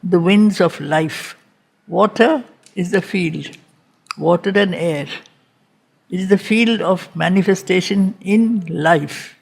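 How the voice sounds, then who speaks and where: Woman teacher, reading-group lecture, unhurried, repeats lines for weight, gravelly tone. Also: fairly low pitch, darkish tone. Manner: deliberate, repeats phrases for emphasis. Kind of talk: slow spiritual lecture on poetry.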